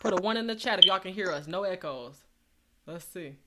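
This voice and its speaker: A woman's voice: lowish voice, expressive, a little fast, background noise. A woman hosting a live stream, chatting casually and calling on her audience as y'all. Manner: chatty, addresses chat as y'all. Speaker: host.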